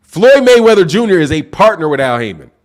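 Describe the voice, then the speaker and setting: A man hosting a boxing live stream, talking at full volume with a lot of excitement. His voice sits high and carries. He keeps his words casual and drops "bro" into almost every line. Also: a little fast. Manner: loud, projecting, excitable, says bro a lot; reads super chats aloud. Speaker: boxing channel host. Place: home live stream, sipping drinks.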